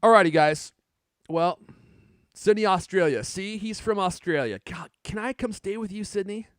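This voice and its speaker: Reading viewer comments aloud with plenty of laughter, a high-voiced man co-hosts a live tech podcast in casual live-stream chat. He speaks at a moderate pace from a home studio on a live camera stream, in a dry, studio-quality recording.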